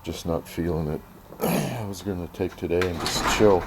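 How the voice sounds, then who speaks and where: A man talking casually to camera in a vlog, rambling and thinking aloud, often clearing his throat, moving between his workshop and yard. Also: deep voice, normal speed, noisy background. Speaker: vlogger.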